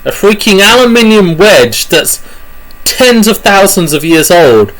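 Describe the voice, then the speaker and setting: Rambling British man, fairly high voice. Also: big pitch swings, a little slow, a bit bright, rough recording. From Britain. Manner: jokey, rambling, loose with frequent fillers and self-corrections. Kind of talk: comic rambling monologue about pictures on screen.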